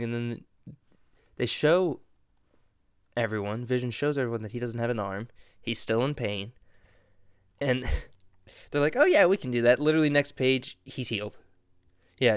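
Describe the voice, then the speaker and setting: A man's voice: mid-range voice, clear, resonant tone, no room sound, studio quality. A man hosting a podcast, recapping a comic story in a chatty, wry way. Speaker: podcast host. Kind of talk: casual comic book recap.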